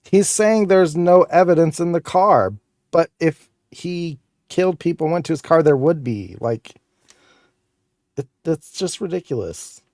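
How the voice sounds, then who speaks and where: A man's voice: a little high, measured pace, no echo, clean studio sound. A man co-hosting a livestream, chatting casually and asking skeptical questions. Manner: relaxed, questioning, a bit skeptical. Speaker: livestream co-host. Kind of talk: casual chat.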